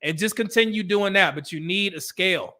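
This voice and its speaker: Middle-aged livestream host, bright tone, relaxed chatty delivery with frequent laughs. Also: male voice, sits high, fairly quick. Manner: laid-back, chatty, laughs often, uses slang. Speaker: livestream host reading chat. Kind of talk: casual livestream chat.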